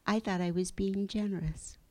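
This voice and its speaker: A middle-aged woman giving a gentle, reflective spiritual talk, slow at times and sometimes dropping to a soft, breathy hush. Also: medium pitch, fairly even intonation. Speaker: spiritual teacher.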